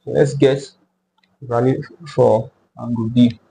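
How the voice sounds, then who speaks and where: A man slowly working through a math tutorial step by step, repeating each number aloud as he goes. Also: medium pitch, flat delivery, vocal fry, warm tone, slight background noise, rough recording. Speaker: math teacher.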